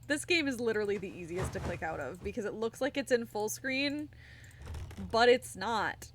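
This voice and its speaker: A woman's voice: mid-range voice, expressive, normal speed, slight background noise. A young woman streamer chatting casually with her viewers, giggly and a bit tired. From United States. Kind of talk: casual live-stream chat.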